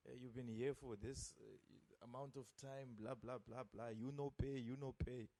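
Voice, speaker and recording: A man's voice: medium pitch, steady tone, normal speed, gravelly, mellow, close to an everyday voice. A man doing a ranting old bigot. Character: rude, ranting old man shouting insults.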